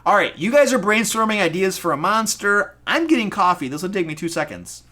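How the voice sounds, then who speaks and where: A man from Michigan with a Michigan accent, hosting a casual live stream as a dungeon master, excitable, goofy and self-deprecating. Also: high voice, brisk. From Michigan, USA. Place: home room.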